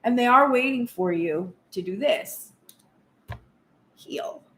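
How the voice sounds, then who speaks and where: A woman giving a frank, animated tarot reading in a casual spoken style, swearing now and then. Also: a little high, takes it slowly, roomy sound. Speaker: tarot reader.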